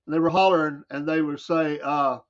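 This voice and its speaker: A man's voice: a little high, steady tone, brisk. A man with a Southern American accent hosting a casual morning show, telling stories in a folksy way and laughing often. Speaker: radio show host. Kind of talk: casual morning show chat, reading chat comments. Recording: dull lo-fi stream audio.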